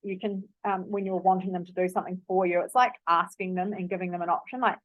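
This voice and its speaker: A woman's voice: on the low side, fairly even intonation, fast, no room sound. A woman giving parenting advice in a casual, earnest way, with frequent ums and likes. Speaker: parenting coach. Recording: dry, phone-like narrow sound.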